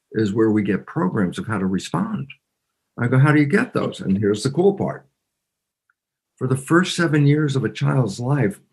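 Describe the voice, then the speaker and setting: An older man, a guest in an interview, explaining ideas through lively anecdotes and acting out the voices in them. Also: mid-range voice, slightly rough. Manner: acts out voices in anecdotes, exclaims. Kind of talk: animated interview storytelling.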